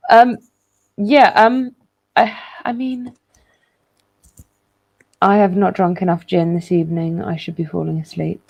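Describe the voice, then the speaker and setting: Gravelly, mellow woman hosting a stream. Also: on the low side, a little slow, long pauses, poor audio. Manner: relaxed, hesitant with many fillers. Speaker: host reading viewer comments. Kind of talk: casual live stream hosting.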